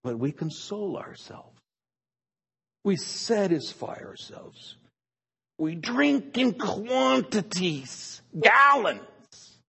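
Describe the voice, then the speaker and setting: A man preaching a sermon, swinging between hushed, drawn-out phrases and sudden emphatic bursts. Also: high-pitched, sing-song, gravelly, husky.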